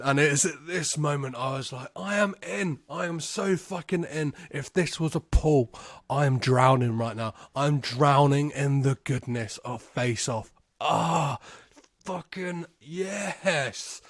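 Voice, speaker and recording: Slow-talking, swearing podcast host. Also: male voice, medium pitch, no room sound, clean studio sound. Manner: profane and gleeful, swears constantly; drops into quick acted impressions of characters. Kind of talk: casual solo movie recap.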